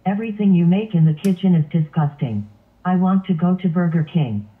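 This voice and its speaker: A man's voice: high-pitched, animated, brisk. A man voicing a bratty male lion who whines and keeps repeating his demands. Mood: whiny. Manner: whiny, repetitive demands. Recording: tinny phone-like sound.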